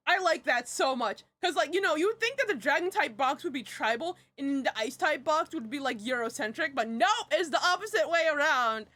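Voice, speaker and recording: A woman's voice: high-pitched, lively intonation, fairly quick, few pauses, sharp tone. A young woman answering questions on a casual live stream, rambling and giggly with many fillers and restarts. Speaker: streamer and project creator.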